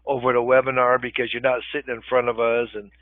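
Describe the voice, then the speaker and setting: A man's voice: mid-range voice, completely flat delivery, fast, no echo. An older man teaching a live webinar in a conversational way, often checking in with the group. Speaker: real estate webinar instructor. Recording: tinny phone-line webinar audio, dry.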